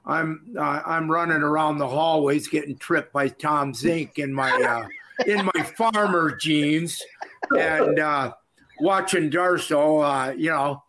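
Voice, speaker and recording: An older man from Minnesota, a retired wrestler and interview guest, telling jokey rambling stories and doing shouted impressions of people. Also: a little high, takes it slowly, a little hiss or hum. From Minnesota, USA. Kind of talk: storytelling in casual chat.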